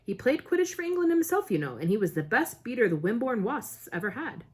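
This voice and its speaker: A woman reading the part of a cheerful, flustered middle-aged wizard father who speaks brightly and nervously. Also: a little high, very animated, a little fast, husky. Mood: cheery nervous.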